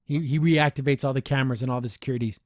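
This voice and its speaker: A man hosting a podcast, reviewing a cartoon episode in an animated, excitable way with many restarts. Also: medium pitch, rapid-fire, dry recording, clean studio sound. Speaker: podcast host. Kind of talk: casual episode review chat.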